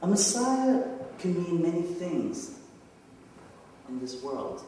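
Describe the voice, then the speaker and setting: Male pastor, unhurried sermon delivery, rhetorical questions and casual asides; distant mic with long church reverb. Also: high voice, very animated, warm tone, a little hiss or hum. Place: church sanctuary. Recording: echoey church hall from far off.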